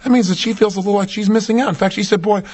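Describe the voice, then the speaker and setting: A man giving a motivational seminar talk, animated and full of rhetorical questions to his audience. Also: high-pitched, rapid-fire. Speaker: motivational speaker.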